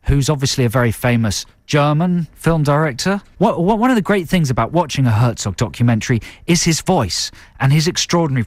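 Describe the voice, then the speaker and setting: A man's voice: mid-range voice, no echo, studio quality. A man hosting a radio show in casual chat, chatty and laughing often. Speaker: radio host.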